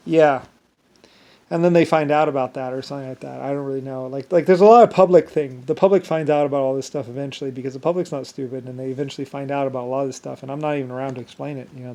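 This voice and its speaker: A man's voice: medium pitch, steady tone, fast talker, mellow. A man talking alone in a meandering monologue, full of restarts and filler words. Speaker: solo vlogger. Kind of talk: rambling monologue.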